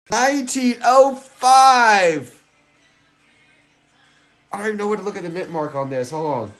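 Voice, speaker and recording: A man's voice: sits high, slow, pauses often, soft background music. Giddy man chatting on a live stream. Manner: excitable, giddy, chats to viewers. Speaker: livestream host hunting coins. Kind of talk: casual live-stream chat.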